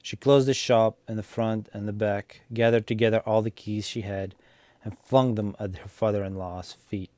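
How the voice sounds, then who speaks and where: A man reading a classic story aloud, unhurried, with small slips. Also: lowish voice, fairly even intonation, darkish tone, no echo. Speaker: reader.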